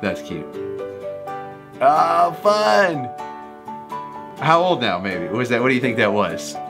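With a slow, gravelly, sing-song delivery at medium pitch, a man reacts to animal clips in a video, playfully cracking jokes about the animals and laughing frequently. Music can be heard behind him.

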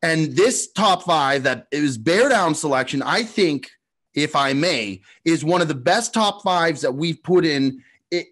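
A young man co-hosting a casual podcast, telling stories with lively acted-out quotes and banter. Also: a little high, a little slow. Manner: animated storyteller, acts out quotes. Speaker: co-host.

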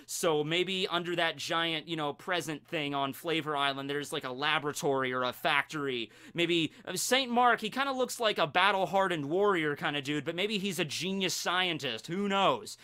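A man hosting a casual fan commentary channel, talking in an energetic, rambling way with many restarts. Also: a little high, normal speed, few pauses, smooth. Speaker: YouTube host.

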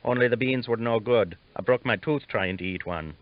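A man doing a high, hot-headed young Irish lad. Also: moderate pace, natural voice. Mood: petulant. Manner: excitable, indignant, loud. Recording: dull lo-fi recording.

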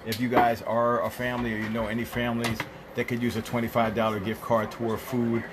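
A Jamaican-accented man chats through a live stream from a home kitchen, greeting viewers and reading their comments with an easy, teasing warmth. His voice sits in a middling register. The recording carries a steady layer of noise behind him. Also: mid-range voice, a little fast. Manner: chatty and playful, greets viewers by name. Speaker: livestream host.

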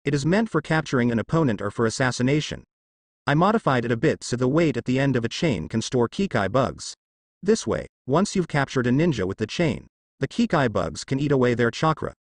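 A man's voice: mid-range voice, very animated, brisk, no room sound. A man voicing a cocky teenage boy ninja. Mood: smug.

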